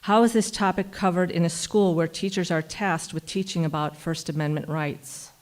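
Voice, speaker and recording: A woman advocate reading a prepared public comment to a school board in a measured, pointed, formal way. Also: fairly low pitch, steady tone. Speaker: parental rights advocate.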